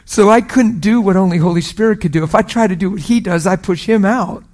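A middle-aged man preaching, telling a personal story with emotional swings from loud declarations to hushed whispers. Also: high-pitched, brisk. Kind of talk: sermon testimony.

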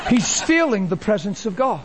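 A man preaching a sermon, telling stories and acting out the dialogue with animated energy. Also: rough recording. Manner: animated, acts out dialogue, rises in pitch when excited. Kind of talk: sermon with storytelling.

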